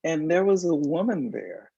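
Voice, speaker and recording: A man as a guest in an interview, telling stories in a lively way and acting out the voices of people he quotes. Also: fairly high pitch, normal speed, creaky, slightly rough, no room sound. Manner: animated storyteller, acts out quoted voices. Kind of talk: storytelling in a casual interview. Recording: dull lo-fi sound.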